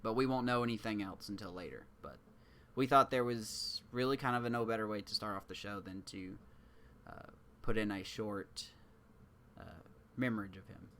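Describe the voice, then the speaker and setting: A man's voice: lowish voice, moderate pace, a bit bright, a little hiss or hum. Rambling male podcast co-host. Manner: loose, rambling, jokey. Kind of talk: casual sports chat.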